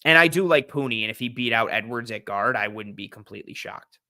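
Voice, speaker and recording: Fast and expressive, this young podcast host uses a bright, forceful, medium-pitched voice to ramble about the football draft. Fillers and restarts pile up, and he hums while he thinks.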